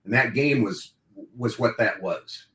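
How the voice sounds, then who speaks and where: A man's voice: medium pitch, unhurried, sharp tone. An older man, a veteran radio broadcaster, reminiscing in a casual podcast interview and rambling with restarts. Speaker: guest, longtime radio play-by-play broadcaster. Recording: echoey room.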